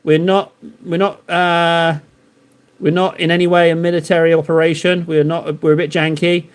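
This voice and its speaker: A man's voice: a little high, little pitch movement, moderate pace, clean tone. A man streaming live while painting miniatures, chatting casually and joking in a rambling, self-deprecating way with his viewers. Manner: rambling, joking banter with chat.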